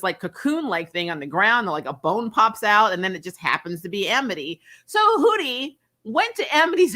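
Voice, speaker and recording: A woman's voice: fairly high pitch, sharp tone. A young adult woman hosting a casual review chat, chatty and full of fillers, laughing often as she retells. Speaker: host.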